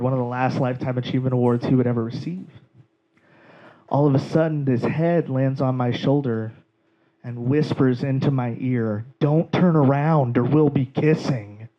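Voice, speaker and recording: Animated stand-up comic telling a story. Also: male voice, medium pitch, lo-fi sound. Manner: rambling, animated anecdotes. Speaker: stand-up comedian. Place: comedy club stage.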